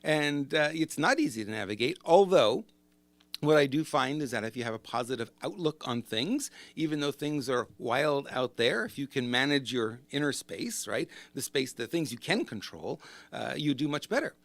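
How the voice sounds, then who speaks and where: A man's voice: medium pitch, lively intonation, moderate pace, no room sound. Chatty man musing in a dry, close recording. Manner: conversational, rambling with asides and rhetorical questions. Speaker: business coach and podcast host. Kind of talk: solo podcast monologue.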